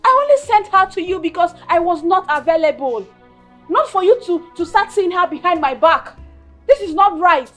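A Nigerian actress playing a jealous young woman who feels betrayed, shouting accusations and slipping into Pidgin. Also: very high-pitched, lively intonation, moderate pace, faint music behind. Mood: angry, hurt. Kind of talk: film acting.

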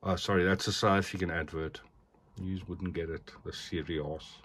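A man with a low, slightly bright voice talks at a normal pace with fairly even intonation, and there's a little background noise. He's an action figure collector showing off a figure in a casual show-and-tell vlog, often asking the viewer "eh?"

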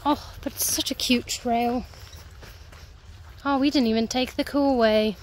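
A young woman vlogging outdoors on a wooded trail, chatty and excitable, with sudden loud exclamations. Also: a little high, a little slow, slight background noise, rough recording. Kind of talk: casual hiking vlog.

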